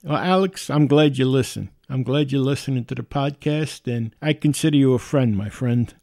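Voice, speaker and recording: A man's voice: medium pitch, normal speed, darkish tone, no room sound, studio quality. A man from the Bronx with a strong New York accent, hosting a solo podcast in a blunt, folksy way and chuckling often. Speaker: podcast host.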